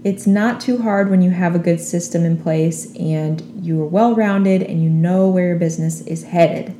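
A woman hosts her podcast in an earnest, encouraging monologue. Her voice sits low and sounds very mellow. The room is echoey, with faint noise underneath. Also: moderate pace. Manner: earnest, encouraging, faith-minded. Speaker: podcast host. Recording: roomy echo with faint background noise.

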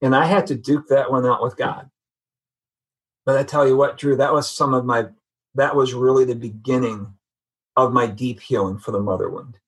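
Husky-voiced man telling his story. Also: mid-range voice, steady tone, moderate pace, poor audio. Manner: earnest, reflective storytelling. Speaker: podcast guest. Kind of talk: personal testimony in conversation.

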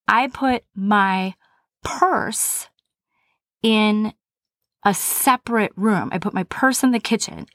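A podcast host tells a personal story in a candid, conversational, self-deprecating way. Her voice sits at medium pitch, captured with studio quality and no echo.

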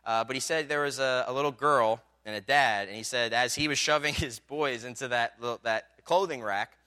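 Male pastor, bright and crisp; chatty sermon storytelling that swells into emphatic points. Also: medium pitch, moderate pace. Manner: conversational storytelling with many fillers, building to emphatic climaxes.

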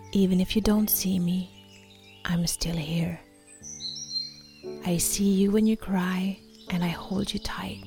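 A gentle, loving Jesus, put on by a woman in her own voice speaks softly and tenderly, at times in a whisper. The pace is unhurried and the tone warm and mellow. Faint music plays quietly behind this guided meditation. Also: mid-range voice. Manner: soft, tender, slow and reassuring, partly whispered.

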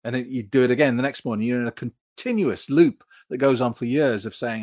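A man's voice: mid-range voice, fairly quick, few pauses, darkish tone. A British man hosting a live stream, chatting frankly and reading out viewer comments with plenty of fillers. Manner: frank, conversational, many fillers. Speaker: host.

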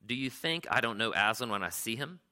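A man voicing an earnest young girl in a read-aloud storybook, his pitch raised and eager. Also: lively intonation, a little fast, sharp tone. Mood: insistent.

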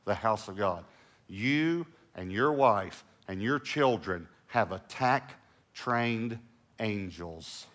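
A middle-aged male pastor preaching a sermon, an animated storyteller who drops to hushed lows and rises to loud bursts.

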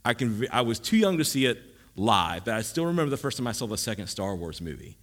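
A man's voice: on the low side, big pitch swings, fast. A man preaching a sermon in a conversational teaching style, with jokes and asides. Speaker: pastor.

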